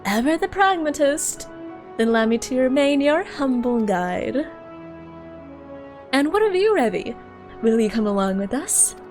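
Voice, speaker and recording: A woman's voice: high voice, sing-song, darkish tone, faint music behind, voice pushed up. A woman reading as a wry ancient male scholar. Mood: courteous. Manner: reads the game text aloud in an unhurried, measured way.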